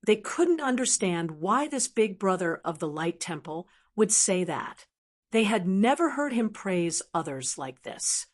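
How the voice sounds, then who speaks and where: A woman narrating a fantasy audiobook in a steady, even storytelling manner. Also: mid-range voice, a little slow. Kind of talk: scripted narration.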